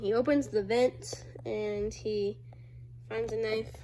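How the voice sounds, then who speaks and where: A woman with a fairly high voice talks through her own comic pages in a loose, rambling way. She speaks slowly and trails off between fillers. Every so often she jumps into a loud, high-pitched voice for the characters. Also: steady tone, a little hiss or hum. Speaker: creator reading own comics. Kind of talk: casual chat.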